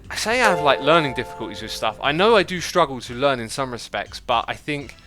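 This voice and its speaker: A livestream host with a medium-pitched, sing-song voice talks fairly quickly over background music. He builds in a building game while chatting casually, thinking aloud and reading viewer messages.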